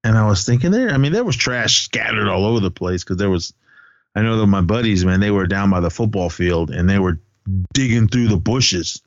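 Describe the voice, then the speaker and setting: A man's voice: lowish voice, lively intonation, brisk, no room sound, highs cut off. Laughing, rambling man on a podcast. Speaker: podcast co-host. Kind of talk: casual movie chat.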